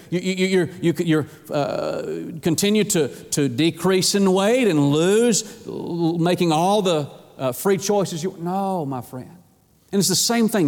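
A man's voice: high-pitched, long reverb tail. A man preaching a sermon with passion, repeating phrases for emphasis. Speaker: pastor.

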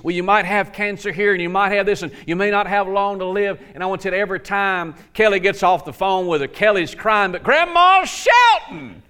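A man's voice: sits high, fairly bright tone. A man preaching a sermon in a folksy, repetitive way that builds to emphatic peaks. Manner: folksy, repeats words, builds to emphatic crescendos. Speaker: pastor.

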